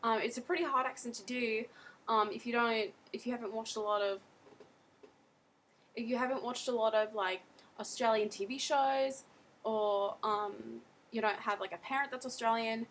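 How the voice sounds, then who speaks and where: A woman's voice: a little high, steady tone, moderate pace, fairly bright tone, a little hiss or hum. A teenage girl giving a casual home video tutorial, chatty and rambling with lots of fillers. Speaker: accent tutorial host.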